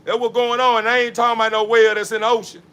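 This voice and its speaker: High, bright-voiced man laughing between lines. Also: flat delivery, racing, smooth. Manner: laughing, repetitive, preachy street talk. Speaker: dog breeder. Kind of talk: casual vlog while bathing a dog. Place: outdoors in a yard.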